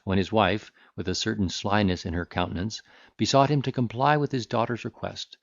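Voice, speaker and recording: A man narrating a classic novel in a measured, formal storytelling manner. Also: on the low side, gravelly, no room sound, lo-fi sound. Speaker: audiobook narrator.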